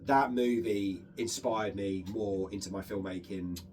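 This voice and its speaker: A man's voice: on the low side, unhurried, a little mellow, far from the mic, slight background noise. A man hosting a radio interview, telling stories eagerly with many fillers. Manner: chatty, eager storyteller with fillers. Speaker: radio show host. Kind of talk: casual interview chat.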